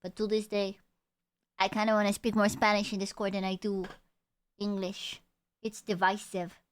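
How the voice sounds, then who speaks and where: A woman's voice: mid-range voice, flat delivery, moderate pace, clear, resonant tone. A young woman streamer chatting casually with her viewers. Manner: chatty, talks to chat, trails off and restarts. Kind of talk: casual live-stream chat.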